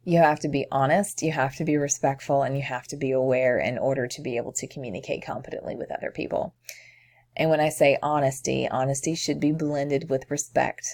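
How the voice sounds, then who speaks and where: A woman's voice: rumbling low, fairly even intonation, a little fast, darkish tone. A woman teacher with a light Tennessee accent, from the southern United States, giving a conversational screencast lecture with frequent ums.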